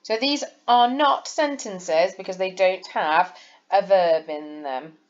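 A woman's voice: medium pitch, takes it slowly, lo-fi sound. A woman, a primary school teacher giving a recorded lesson and explaining patiently, step by step, to young children. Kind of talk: recorded lesson over slides.

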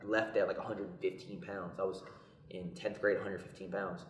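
A young man telling a personal story in a casual podcast chat, lively and acting out what others said. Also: deep voice, brisk. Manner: animated, acts out quoted voices. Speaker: podcast co-host. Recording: echoey room.

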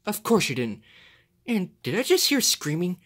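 A woman's voice: on the low side, very animated, moderate pace, a bit bright, husky, full character voice. A woman voicing a grumpy, rude male green ogre, sighing and grumbling in home toy play-acting.

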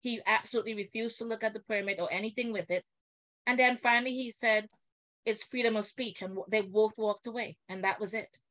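An older woman, a guest on a video call, telling an indignant story with animated, acted-out quotes. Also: on the high side, fairly quick.

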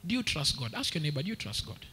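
A young Kenyan man preaching a story-filled sermon in a lively way, switching between English and street slang and acting out the voices in his story. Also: fairly high pitch, fast, slight background noise. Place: large church hall. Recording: echoey hall with long reverb.

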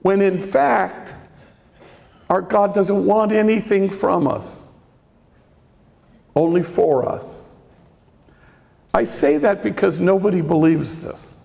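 Older priest, slow and gravelly, gentle storyteller, long hall reverb. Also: male voice, high-pitched. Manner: gentle, reflective storytelling with quoted dialogue. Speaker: priest giving a talk. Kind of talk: storytelling lecture on faith. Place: large lecture hall.

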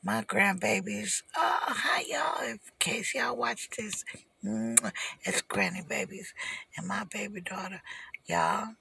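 An older woman, ranting as a delivery driver from her parked car in an animated, repetitive way, swinging from shouting to whispering. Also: mid-range voice, takes it slowly, gravelly, slight background noise. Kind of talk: ranting vlog.

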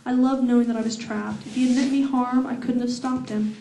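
A woman reading her own novel aloud at a fan event, with slow, deliberate, sensual delivery. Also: on the high side, steady tone, warm tone, recorded from a distance, slight background noise. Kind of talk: public reading of fiction. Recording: echoey room heard from afar.

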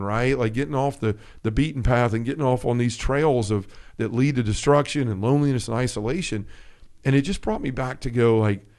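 A man co-hosting a faith podcast in a relaxed chat. He tells a story with energy and acts out the quotes. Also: medium pitch. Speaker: podcast co-host.

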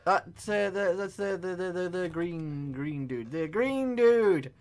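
A young man commentating on a horror game, excitable, swearing constantly and yelping at scares. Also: high voice, takes it slowly. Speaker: gaming video creator.

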